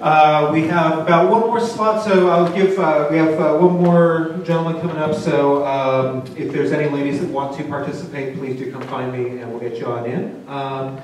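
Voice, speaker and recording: A man's voice: fairly high pitch, fairly even intonation. Host guy calling up the next speaker, stumbling over words, noisy echoey room. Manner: loud, hesitant, halting announcements. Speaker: event host. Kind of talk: introducing speakers. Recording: echoey hall from far off, with clear noise.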